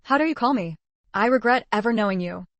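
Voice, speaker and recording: A woman's voice: a little high, lively intonation, a little fast, no echo. Woman reading as a spiteful, scornful ex-friend. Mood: contemptuous. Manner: spiteful, insulting. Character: sharp-tongued former friend, contemptuous and cruel.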